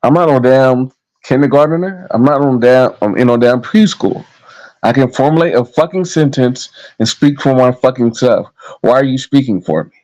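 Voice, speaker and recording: A man's voice: mid-range voice, moderate pace, darkish tone, poor audio. A young American man ranting to camera in a heated, profane, repetitive way. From United States. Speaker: vlogger. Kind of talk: casual rant to camera.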